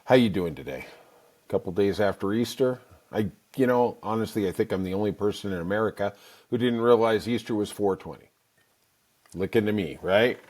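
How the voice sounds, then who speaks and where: A man's voice: lowish voice, a little fast, a little mellow. A middle-aged man hosting a podcast, telling a rambling comic story with wry asides. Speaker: podcast host. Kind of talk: casual comic storytelling monologue.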